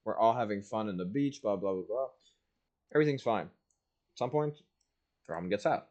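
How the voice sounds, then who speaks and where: Lively young man telling a stream story. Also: on the low side, normal speed, lo-fi sound. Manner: animated, swings between loud bursts and mumbling asides; casual, peppered with "like" and "blah, blah". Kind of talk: casual storytelling on a live stream.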